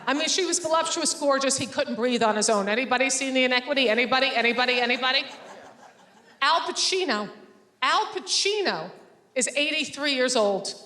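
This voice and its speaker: A woman stand-up comic works a crowd with sarcasm. She acts out quick back-and-forth dialogue in a fairly high voice. The room rings with echo around her. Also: fairly bright tone. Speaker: stand-up comedian. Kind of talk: stand-up comedy set. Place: stage before a laughing audience.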